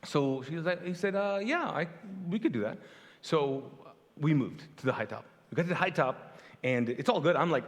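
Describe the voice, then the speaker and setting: A middle-aged Pakistani pastor preaches conversationally at a moderate pace, an animated storyteller who acts out the quotes in his tales with self-deprecating humor. His voice is fairly high for a man, and a large hall's long reverb surrounds it.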